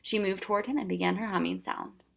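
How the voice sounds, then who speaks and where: A woman reading a children's novel aloud with steady, expressive storytelling. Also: mid-range voice, quick pace, gravelly. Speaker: storybook reader.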